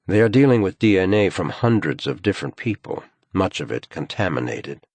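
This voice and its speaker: A man reading a crime thriller audiobook in measured, grave scripted narration. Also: sits low, sing-song, darkish tone, no room sound.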